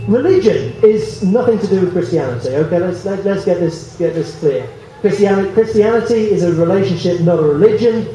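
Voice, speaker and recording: Animated preacher, echoey and distant. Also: male voice, sits high, brisk, a little hiss or hum. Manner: animated, jokey, acts out biblical voices. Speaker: street preacher. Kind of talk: outdoor evangelistic talk. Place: outdoors in a public square. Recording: echoey from far off.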